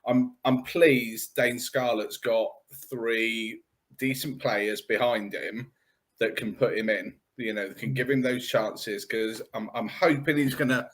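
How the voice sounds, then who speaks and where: A man calls in as a guest, his voice sitting mid-range. He talks in a relaxed, unhurried way and often stops to restart his sentences. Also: mid-range voice. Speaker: guest caller. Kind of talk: casual chat.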